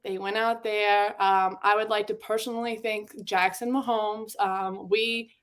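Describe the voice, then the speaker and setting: A young woman in her twenties hosts a loose sports betting chat, candid and quick to swear. Her voice sits at an ordinary middle pitch, and she talks in a chatty, unfiltered way. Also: level tone, a bit bright. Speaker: sports betting show host.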